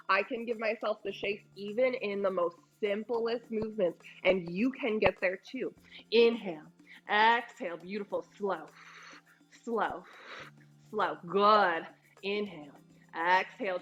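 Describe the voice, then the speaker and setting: This personal trainer, a young woman, coaches a postpartum core session while doing each exercise alongside it. Her voice sits in the middle range with a touch of brightness. Between encouraging words she cues the breathing, and the exertion leaves her sounding slightly strained.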